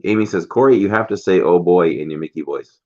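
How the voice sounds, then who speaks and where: A man with a deep, low voice hosts a casual livestream. He reads viewer comments aloud and greets people by name. The stream audio sounds dull and lo-fi. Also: fast, dark tone. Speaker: livestream host.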